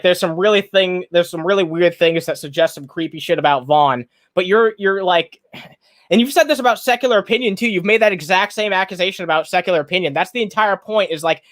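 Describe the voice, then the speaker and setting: A man's voice: high-pitched, fairly bright tone, no echo. A man hosting a livestream, ranting heatedly with lots of swearing and repeated restarts. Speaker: streamer host. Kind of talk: angry reaction livestream commentary.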